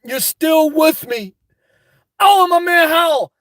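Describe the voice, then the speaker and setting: A man hosting a livestream from inside his car, reading out viewer comments and answering bluntly, often breaking into loud, laughing rants. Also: very high voice, lively intonation, slow pace, no echo, studio quality. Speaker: livestream host. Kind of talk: live-stream chat reading.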